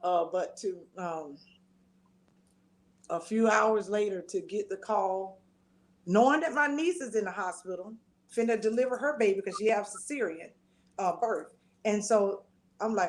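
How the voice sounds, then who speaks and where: A middle-aged woman, telling a personal testimony as an interview guest, expressive and acting out the voices she quotes. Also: medium pitch, unhurried, pauses often. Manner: expressive storytelling, acts out quoted voices, churchy endearments.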